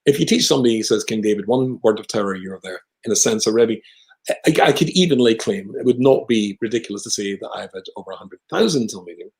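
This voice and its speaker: A man with a British accent, a rabbi telling a long personal story in conversation, with lively asides. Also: on the low side, fast, creaky, poor audio. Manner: animated anecdotal storyteller with asides.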